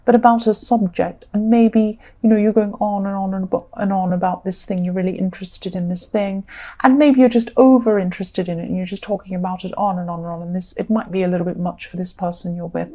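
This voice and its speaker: A woman giving a casual tarot reading in a relaxed, chatty way, with many fillers. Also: medium pitch. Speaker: tarot reader.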